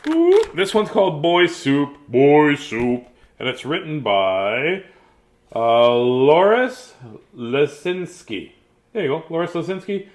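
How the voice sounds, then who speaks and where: Goofy storytime host, man, bouncy animated voice, slightly higher pitch. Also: takes it slowly. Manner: playful, silly, laughing, chatty asides. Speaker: children's book reader. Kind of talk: reading picture books aloud.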